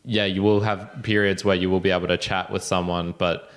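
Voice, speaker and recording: A man, hosting a podcast and chatting casually in a relaxed way. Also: deep voice, fairly quick, clear, resonant tone. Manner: relaxed, frequent agreeing fillers. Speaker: podcast host. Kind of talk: casual chat.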